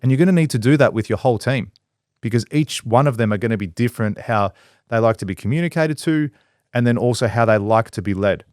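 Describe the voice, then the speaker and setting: A man, a construction business owner and co-host, talks bluntly with plenty of swearing and acts out other people in lively voices during a casual podcast chat. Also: medium pitch, quick pace, no room sound, clean studio sound.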